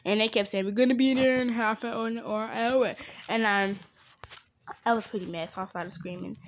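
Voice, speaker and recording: A woman's voice: fairly high pitch, a little hiss or hum. A woman telling a rambling, chatty story time, with asides about the game she plays. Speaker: gaming storyteller. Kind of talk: casual story time while playing a game.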